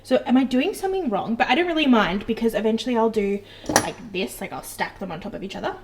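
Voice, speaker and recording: A woman's voice: fairly high pitch, animated, fast, noisy background. A young woman, chatting casually and upbeat to camera in a vlog. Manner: chatty and upbeat, coos at her dog. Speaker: vlogger.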